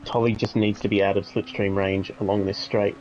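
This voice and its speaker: A man gives steady, analytical co-commentary on a sim race. His voice sits a bit low and comes through a dull, lo-fi call line with faint noise behind it. He talks in a measured way and restarts a phrase now and then. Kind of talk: live sim racing commentary.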